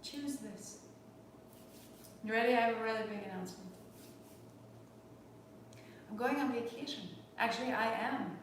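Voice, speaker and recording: A woman in her forties teaching a live online yoga class from home, speaking in a gentle, reflective and heartfelt way. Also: fairly high pitch, fairly quick, long pauses, a little hiss or hum. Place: home room. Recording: echoey room, distant mic.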